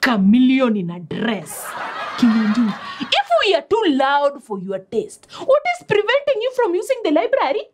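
A woman with a Kenyan accent playing a loud, mocking female college student. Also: sits high, huge pitch swings, moderate pace, background noise. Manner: brash, mocking. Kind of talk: web series acting.

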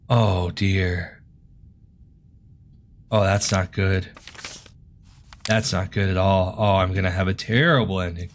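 A man's voice: lowish voice, fairly even intonation, measured pace, pauses often, slight background noise. A man doing let's play commentary of a horror game, jumpy and joking, swearing and yelping at the scares. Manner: jumpy, swears, jokes nervously, yelps at scares. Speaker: gaming video host.

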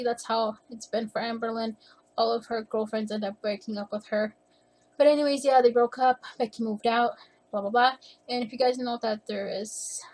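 A woman's voice: on the high side, darkish tone. A woman giving casual, opinionated reaction commentary at home, rambling a little and slightly out of breath. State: a bit out of breath. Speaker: youtuber reacting to a video. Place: at home with her cat.

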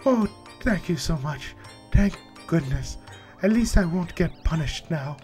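A man voicing a timid young female shadow girl who frets softly and apologizes. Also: on the high side, animated, measured pace, soft background music. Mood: relieved. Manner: fretful, soft, apologetic.

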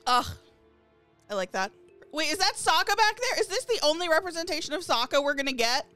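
A woman streaming a game live, chatting to her viewers and gushing excitedly over new items. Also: high-pitched, fairly quick. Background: faint game lobby music.

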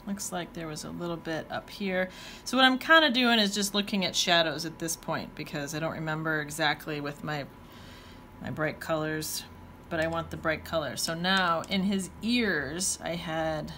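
A woman's voice: on the low side, bright, forceful tone, a little hiss or hum. A woman teaching watercolor, talking casually while she paints and thinking aloud with playful exclamations. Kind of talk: painting demonstration talk-along.

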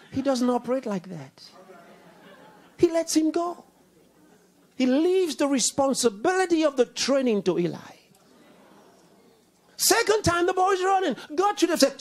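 A male pastor preaching a sermon, swinging from loud rhetorical questions to hushed whispers and repeating key lines with slow, deliberate emphasis. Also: very high-pitched, very animated. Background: congregation answering and laughing.

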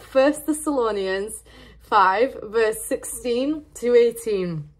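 A young adult woman from Serbia, giving a devotional talk to her church in an expressive, animated storytelling manner. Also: medium pitch, a little slow. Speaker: church team member and college student.

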